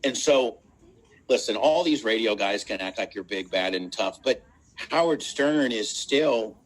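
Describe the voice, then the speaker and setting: Radio man from Indiana, husky voice, blunt storyteller. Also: lowish voice, lively intonation, measured pace, low-quality recording. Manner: plain, blunt, swearing. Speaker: radio host. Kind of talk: casual storytelling.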